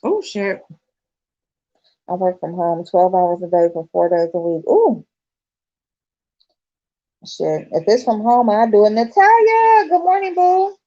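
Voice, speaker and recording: A woman's voice: fairly low pitch, slow pace, long pauses. Chatty swearing woman, dull lo-fi sound. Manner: loud and expressive, laughs a lot, swears casually. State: yawning, tired. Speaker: vlogger. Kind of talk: casual chat to viewers.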